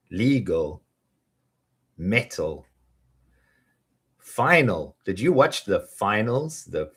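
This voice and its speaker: A man teaching English pronunciation, leading slow repeat-after-me drills and chuckling between tongue twisters. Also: low voice, husky.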